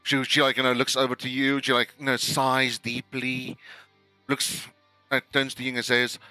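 A man's voice: mid-range voice, monotone, moderate pace, bright, forceful tone. A man with a South African accent narrating a tabletop role-playing game as game master, talking in rambling bursts with many stammered restarts. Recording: music playing behind the voice.

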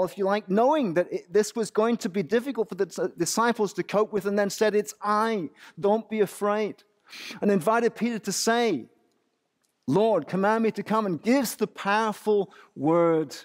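A man with an English accent preaching a sermon as pastor, asking rhetorical questions in an animated way. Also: sits high, measured pace.

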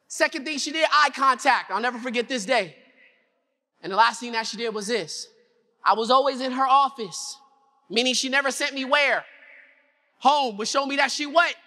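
A man's voice: very high-pitched, normal speed. A man giving a motivational keynote to a conference audience, telling a story and acting out its scenes while asking the audience questions. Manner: animated, acts out scenes, asks the audience questions. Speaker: keynote speaker. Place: conference hall before an audience.

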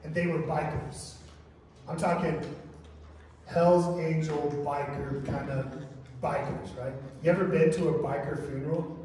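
Casual pastor preaching in an echoey church. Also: male voice, fairly high pitch, steady tone, unhurried, mellow, slight background noise. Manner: casual storytelling, says "man" and "right?" often. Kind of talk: sermon. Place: church sanctuary. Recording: echoey church hall from far off.

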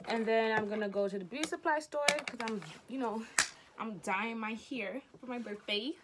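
A woman's voice: on the high side, normal speed. A young woman chatting casually to her vlog viewers, rambling and calling them y'all, filmed at home and then out on a rainy street. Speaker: vlogger. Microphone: clip-on mic and phone camera. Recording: noisy phone vlog audio.

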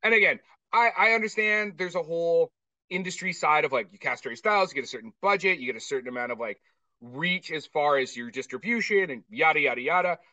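Man, casual movie podcast, profane ranting, bright tense voice, dry room, distant dull mic. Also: on the high side, expressive, fast talker, no room sound. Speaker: podcast co-host. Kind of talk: casual movie review chat.

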